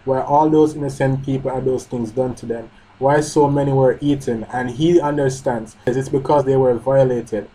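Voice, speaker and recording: A man with a husky, dark voice reads manga panels aloud in a live reaction. He moves between reading the lines and cutting in with blunt, sweary remarks of his own. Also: medium pitch, low-quality recording. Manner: reads panels aloud, breaks off to comment, swears and shouts in outrage.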